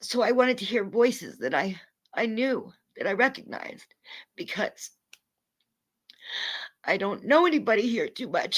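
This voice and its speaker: Angry woman streamer, profane rant, fast bursts, somewhat high voice. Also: animated, fairly bright tone. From North America. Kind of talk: angry rant to a live audience.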